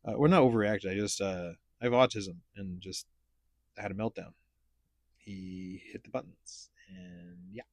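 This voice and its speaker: A man's voice: fairly low pitch, unhurried, darkish tone, no echo, clean studio sound. A man hosting a casual podcast chat, telling stories in a blunt, profane, rambling way. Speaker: podcast host.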